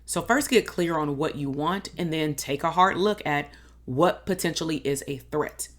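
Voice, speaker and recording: Low-pitched woman in her thirties, a podcast host and coach giving upbeat, casual, encouraging talk. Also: moderate pace. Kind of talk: motivational podcast monologue.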